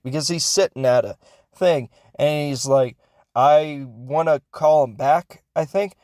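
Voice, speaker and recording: A man's voice: medium pitch, a little mellow, dry recording, clean studio sound. A man hosting a podcast, recapping a film in a casual, rambling way, often unsure and correcting himself, with joking asides. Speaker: podcast host reviewing films.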